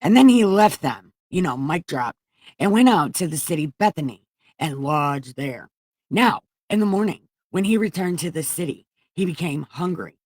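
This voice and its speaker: A woman's voice: low voice, lively intonation, a little slow, long pauses, darkish tone, slightly rough, dry recording, clean studio sound. A woman reading scripture aloud for comedy, breaking off into profane, mocking asides and interrupting herself as she goes. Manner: loose, self-interrupting delivery. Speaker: comedic Bible reader. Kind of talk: irreverent scripture reading with commentary.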